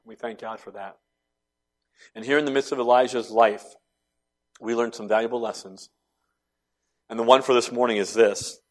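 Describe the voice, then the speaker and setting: A man preaching a sermon as pastor, building to loud impassioned cries and then dropping to soft, tender tones. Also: medium pitch.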